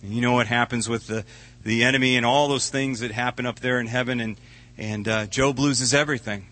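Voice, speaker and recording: Male pastor, sermon, bright forceful voice, earnest and conversational. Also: mid-range voice, fairly even intonation, fairly quick. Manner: earnest, conversational preaching with repeated words.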